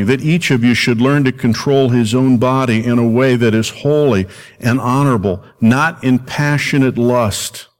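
A man preaches to his congregation in a relaxed, talky way, circling back to repeat key lines. His voice sits at a middling pitch and carries a long reverb from the church hall. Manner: conversational preaching, emphatic repetition. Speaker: senior minister. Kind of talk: sermon. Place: church sanctuary.

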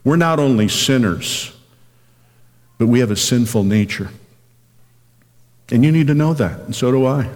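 A man preaching a sermon as pastor, reading scripture slowly and earnestly. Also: medium pitch, expressive, darkish tone, long reverb tail, soft background music.

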